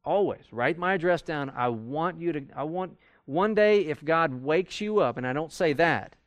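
Guy teaching bible study, chatty and animated, slightly high voice, dry sound. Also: normal speed, no room sound, lo-fi sound. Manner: conversational, animated, acts out quoted arguments. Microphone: recorded for audio with a live class.

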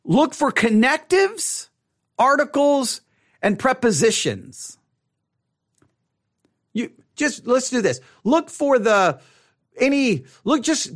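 A man teaching a Bible study method in a casual, animated way, often restarting phrases and acting out a reader's reactions. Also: very high-pitched, measured pace.

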